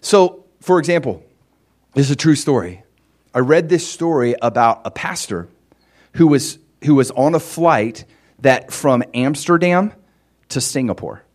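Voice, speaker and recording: A man preaching a sermon in a casual, animated storytelling way, with lots of fillers and sudden rises in pitch and volume for emphasis. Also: unhurried. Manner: animated storytelling, chatty fillers, swings loud and high for emphasis.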